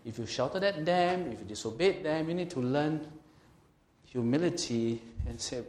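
A man with a Singaporean English accent preaching a sermon as a pastor, swinging between loud and quiet delivery and acting out quoted speech. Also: fairly high pitch, moderate pace, reverberant. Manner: lively, swings from loud to quiet, laughs often, acts out quotes.

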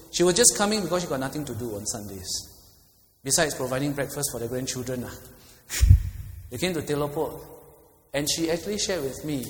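A middle-aged man with a Singaporean English accent preaching a sermon as a pastor, earnest and emphatic, with quick asides and rising appeals. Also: a little high, a little hiss or hum. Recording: echoey hall with long reverb.

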